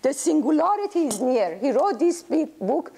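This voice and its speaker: An older woman giving an informal lecture, animated and emphatic, repeating words for stress. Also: sits high, moderate pace, vocal fry.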